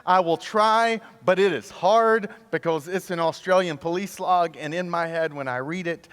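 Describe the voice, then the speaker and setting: A man's voice: high voice, normal speed, clean tone. A man giving a sermon as guest pastor, telling stories with humor and joking with the congregation. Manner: animated storytelling, jokes with the crowd. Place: large church auditorium. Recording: long hall reverb.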